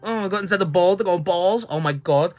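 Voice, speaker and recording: A man's voice: high-pitched, fast. A man reviewing a wrestling show in a casual, rambling way, swearing often and laughing mid-sentence. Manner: rambling, full of restarts and filler.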